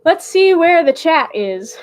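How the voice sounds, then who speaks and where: A woman streamer chatting casually with her live chat, bubbly and laughing often. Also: sits high.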